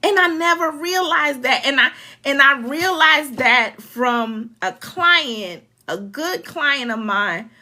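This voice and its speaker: Speaking slowly in a high, animated, sharp-toned voice, a woman in her forties who works as a life coach addresses viewers casually and with deep feeling. She earnestly acts out scenes from her past in vivid fashion.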